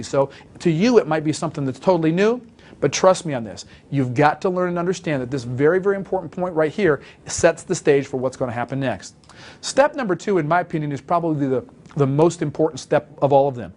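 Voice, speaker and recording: A man's voice: a little high, expressive, fairly quick, a little mellow. A man coaching listeners on making sales calls, talking emphatically and acting out example calls. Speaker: sales trainer. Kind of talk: instructional talk.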